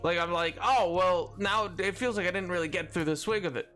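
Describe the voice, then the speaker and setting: A man's voice: high voice, fairly quick, a bit bright, soft background music. A young man streaming a game, chatting casually and rambling, reading chat aloud with playful indignation.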